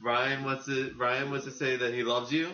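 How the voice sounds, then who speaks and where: Male podcast co-host, bright and chatty, riffing in a roomy, lo-fi room. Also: mid-range voice, level tone. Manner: chatty, quick to jump in and riff. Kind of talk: casual podcast chat. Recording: roomy, dull lo-fi sound with faint noise.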